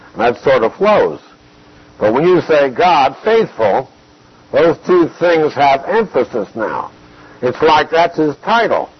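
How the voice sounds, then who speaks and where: A man's voice: mid-range voice, husky. Man teaching Scripture on dull lo-fi audio. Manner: measured, emphatic teaching with repeated key phrases. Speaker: Bible teacher. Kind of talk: expository Bible teaching.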